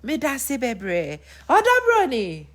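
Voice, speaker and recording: A lofty, self-assured male singer , as a woman puts him on, drawls his answers with a made-up inflection. The voice sits high above her own and stretches out its words, with a husky edge. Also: huge pitch swings, full character voice. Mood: lofty amused. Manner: drawn-out, mock-grand inflection.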